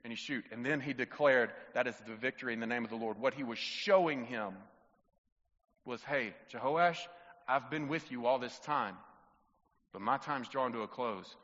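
Guy preaching, bright forceful voice, big echoey church, kinda dull lo-fi sound. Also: medium pitch, moderate pace. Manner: acts out the story, quiet asides then rising fervent appeals. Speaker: pastor. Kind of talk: sermon. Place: church sanctuary.

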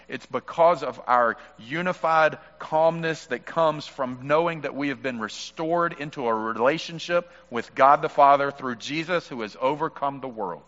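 A man's voice: mid-range voice, a bit bright. A man preaching a sermon, earnest and explanatory, walking through a passage with small fillers. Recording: muffled with long hall reverb.

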